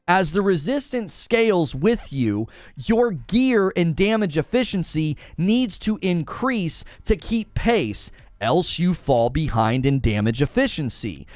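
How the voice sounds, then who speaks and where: A man's voice: on the high side, very animated, measured pace, dry recording. A man ranting sarcastically in a video commentary about a game, exasperated and mocking. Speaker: gaming commentator.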